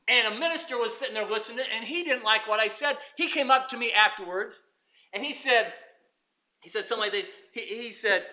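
A man's voice: very high voice, animated, fairly quick, pushed and bright. A man preaching a sermon as pastor, emphatic and repeating his points.

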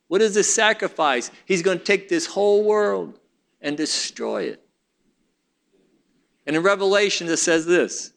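A man preaching a sermon, reading scripture in a measured cadence and dropping to soft, low asides. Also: clean tone.

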